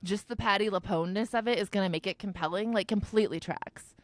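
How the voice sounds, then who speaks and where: A woman hosting a podcast, chatting casually in a lively, emphatic way and quick to laugh. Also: medium pitch, no room sound. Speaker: podcast host. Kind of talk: casual chat.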